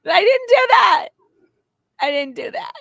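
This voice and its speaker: A woman's voice: very high voice, sing-song, a little slow, gravelly, fairly bright tone, dry recording, voice pushed up, exaggerated voice. A woman mocking a whiny self-pitying woman. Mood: shrill. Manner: pleading, breaking into crying.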